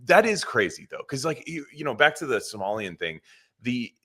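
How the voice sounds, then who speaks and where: A man's voice: mid-range voice, sing-song, moderate pace, pushed and bright, slightly rough. A middle-aged man co-hosting a podcast, rambling and swearing, often mimicking other people in funny voices. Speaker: podcast co-host. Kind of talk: casual chat.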